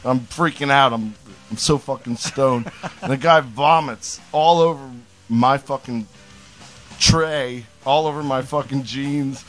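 A man's voice: mid-range voice, slow, fairly bright tone, soft background music. A man in casual chat, telling a crude travel story in a rambling way, stumbling and repeating words.

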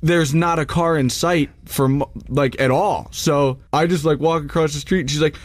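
A man in casual chat, talking haltingly with many fillers and restarts. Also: fairly high pitch, steady tone, dry recording, clean studio sound. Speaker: traveler recounting a trip.

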